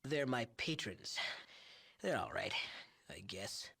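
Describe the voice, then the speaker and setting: A man's voice: lowish voice, very animated, takes it slowly, gravelly, pushed and bright, slightly rough, heavily acted. An actor playing an arrogant young male drug chemist in a video game, boastful and sneering as he shrugs off cruelty. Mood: scornful.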